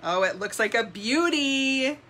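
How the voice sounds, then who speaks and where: A woman's voice: on the high side, expressive, unhurried, sharp tone. A woman co-hosting a live jewelry sales stream, gushing and upbeat as she talks to viewers. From New Jersey.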